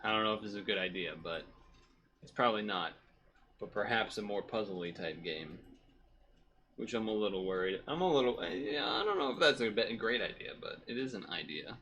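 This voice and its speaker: A man's voice: on the low side, expressive, brisk, pushed and bright, muffled recording, a little hiss or hum. A man streaming from home, chatting casually in a rambling, self-correcting way while hot and sweaty.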